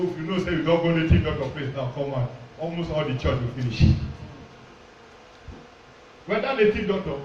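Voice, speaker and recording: High-voiced preacher in an echoey church. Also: male voice, darkish tone, muffled recording, a little hiss or hum. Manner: preaching with pidgin asides and acted quotes. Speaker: pastor. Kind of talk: sermon. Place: large church hall. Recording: echoey church hall, distant mic.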